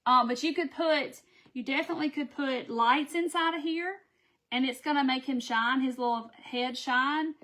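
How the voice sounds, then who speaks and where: Chatty high-voiced woman. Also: normal speed, bright, forceful tone. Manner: chatty and affectionate, reads viewer names aloud. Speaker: craft seller hosting a live video. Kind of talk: casual live-stream chat.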